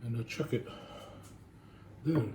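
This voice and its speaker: Man, home cooking vlogger, rambling chat, average pitch, noisy kitchen recording. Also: takes it slowly. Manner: rambling, chatty, thinks aloud with restarts.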